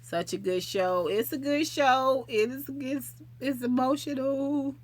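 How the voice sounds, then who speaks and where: A woman's voice: high voice, takes it slowly. A woman hosting a late-night livestream, chatting casually and affectionately with viewers and rambling from topic to topic. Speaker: livestream host.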